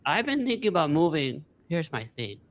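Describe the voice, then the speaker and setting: A man's voice: on the high side, sing-song, normal speed, a bit bright. A man from California, a guest on a casual podcast, talking candidly with hesitations and restarts. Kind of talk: casual chat.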